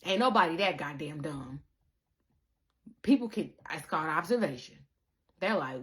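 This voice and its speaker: A woman giving a casual spiritual monologue to her viewers, animated and profane, calling the listener baby and acting out the people she quotes. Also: sits low, normal speed, long pauses. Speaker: spiritual content creator.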